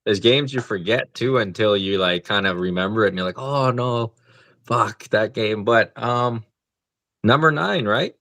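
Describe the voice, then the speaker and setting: A man's voice: on the low side, animated, normal speed, fairly bright tone, no echo. A man co-hosting a podcast, chatting casually about video games in a laid-back way and swearing freely. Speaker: podcast co-host. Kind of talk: casual gaming chat.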